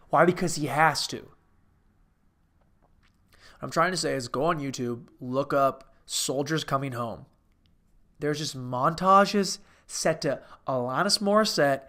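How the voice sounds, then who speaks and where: A man hosting a comedic movie recap, rambling off on tangents with sudden bursts of excitement. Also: a little high, moderate pace. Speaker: host.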